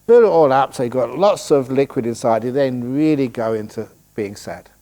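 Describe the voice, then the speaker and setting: An older man, a meditation teacher answering retreat questions in a joking, storytelling way, with a middle-pitched voice. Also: normal speed, mellow. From England. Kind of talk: humorous Q&A talk at a retreat. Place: meditation hall.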